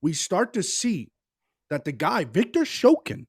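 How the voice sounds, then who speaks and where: A man's voice: high voice, huge pitch swings, unhurried, husky, no room sound, studio quality. Emphatic man co-hosting a podcast. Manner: emphatic, repeats himself. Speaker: podcast co-host. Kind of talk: casual political chat.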